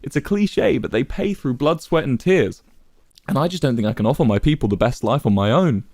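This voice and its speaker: A man playing a composed young leader who speaks calmly and cuts with short, sharp replies. The voice is a touch raised from his own and moves freely in pitch. It is recorded dry and close. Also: brisk, no room sound, close to an everyday voice. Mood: persuasive. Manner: calm, clipped, cutting. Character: calm, cutting young male leader.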